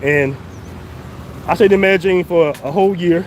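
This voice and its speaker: Out-of-breath man on a walking livestream, slightly high voice, phone mic outdoors with wind and traffic noise. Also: moderate pace. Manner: walking uphill while talking. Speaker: travel vlogger. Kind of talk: casual live-stream vlog. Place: outdoors on city streets. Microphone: phone mic, no headphones. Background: traffic and street ambience.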